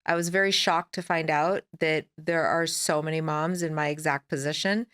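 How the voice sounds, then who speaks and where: A woman in her forties speaks with a fairly low voice as a podcast guest. She tells her story candidly and in a rambling way. She slips into her own past dialogue as she talks. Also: fairly even intonation, moderate pace, fairly bright tone, clear, resonant tone.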